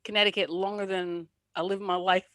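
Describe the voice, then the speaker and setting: A woman's voice: medium pitch, a little fast, no echo. A middle-aged woman from New Jersey hosting a casual chat, telling stories and laughing often. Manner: laughs often, animated storytelling. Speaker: podcast host.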